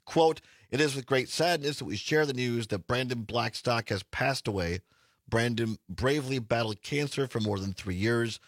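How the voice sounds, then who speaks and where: A male radio talk show host with a hoarse, raspy voice, talking in a casual, halting way with frequent restarts. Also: mid-range voice, dry recording, clean studio sound.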